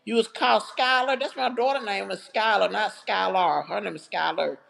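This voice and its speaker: A woman's voice: mid-range voice, lively intonation, fairly quick, gravelly, a bit bright. A woman hosting a livestream, telling a personal story to her viewers in a heartfelt, chatty way. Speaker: livestream host. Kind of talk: casual livestream storytelling to chat.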